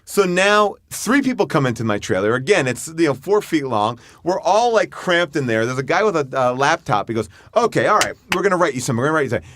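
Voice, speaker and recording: Man telling a lively story. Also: a little high, quick pace, few pauses. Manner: animated anecdote, acting out other people's voices. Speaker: podcast guest. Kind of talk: casual storytelling.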